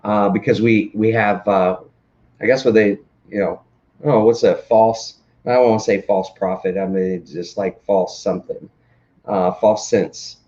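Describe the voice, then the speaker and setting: A man co-hosting a casual live morning show, talking in a halting, rambling way with lots of fillers and restarts. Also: fairly low pitch, steady tone, dark tone, muffled recording. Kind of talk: casual live-stream chat.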